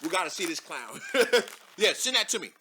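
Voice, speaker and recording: A young man hosting a live show, giving loud, mocking commentary as he reads posts aloud, laughing and repeating himself. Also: sits high, very animated, moderate pace, slight background noise.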